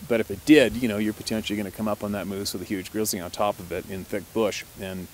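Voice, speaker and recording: A man, a hunting guide, telling a story in a relaxed, chatty way, laughing often and swearing mildly. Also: on the low side, fast, slight background noise. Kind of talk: casual storytelling to camera.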